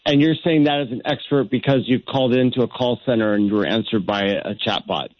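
A man's voice: mid-range voice, fast, dry recording. A man taking part in a radio call-in discussion, pushing back on the caller with short replies. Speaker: radio show guest. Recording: muffled radio broadcast.

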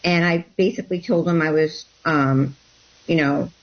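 Halting woman telling her own story. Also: deep voice, fairly even intonation, lo-fi sound. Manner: halting, with many fillers and restarts. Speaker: guest telling her story of becoming a healer. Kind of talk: candid personal storytelling.

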